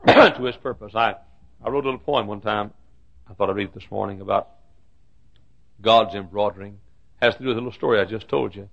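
A middle-aged man preaching a sermon, swinging from hushed, quiet passages to loud, high cries. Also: vocal fry, muffled recording. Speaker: pastor. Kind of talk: sermon with recited poem.

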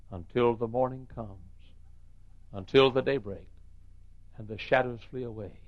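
A male pastor preaching a sermon in a church, swinging from near-whispers to shouts. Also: medium pitch, moderate pace, long pauses, no echo, lo-fi sound. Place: church sanctuary.

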